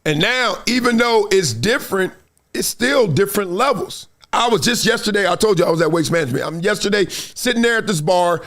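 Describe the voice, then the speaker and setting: A man's voice: high voice, expressive, a little fast, a bit bright. A middle-aged man hosting a live sports talk stream, telling stories with emphatic delivery and acted-out quotes. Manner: storytelling, acts out quoted voices, emphatic. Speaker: host.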